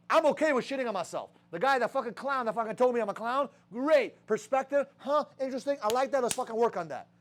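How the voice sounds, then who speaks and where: High-pitched swearing young sales boss. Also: male voice. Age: young adult. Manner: rhetorical questions, heavy swearing. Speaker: sales team leader. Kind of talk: profane motivational sales talk.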